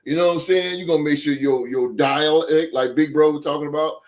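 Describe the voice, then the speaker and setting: A man's voice: a little high, fairly even intonation, a little fast, a little mellow. A man in casual banter, slangy and stammering as he talks. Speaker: podcast co-host.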